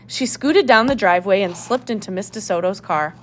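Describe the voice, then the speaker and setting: A woman narrating a children's mystery audiobook with clear, steady storytelling. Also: mid-range voice, brisk.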